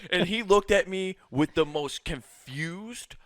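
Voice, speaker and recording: A man tells stories in a casual podcast chat, his voice swinging high and low as he laughs often and swears freely. The tone is bright and forward, and the recording is dry and close. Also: lively intonation, slow pace, no echo. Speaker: podcast host.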